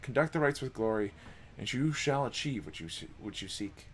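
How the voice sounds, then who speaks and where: A man voicing a solemn male minstrel, speaking slowly and formally with small stumbles. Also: mid-range voice, sing-song, slight background noise, lightly acted. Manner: slow, formal, hesitant. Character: solemn, soft-spoken male wandering minstrel.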